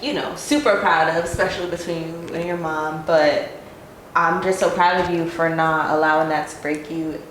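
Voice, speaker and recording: A woman's voice: low voice, fairly bright tone. A woman hosting a podcast, affirming and earnest as she speaks about faith and healing. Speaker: podcast host. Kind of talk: encouraging spiritual conversation. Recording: roomy sound with faint noise.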